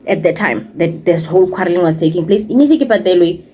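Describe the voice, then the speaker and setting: A young woman, once a teacher and now a vlogger, rattles through a personal story fast in Setswana-accented English, acting out others' lines and dropping in Setswana phrases. Her voice is lowish, and there's a faint hiss or hum.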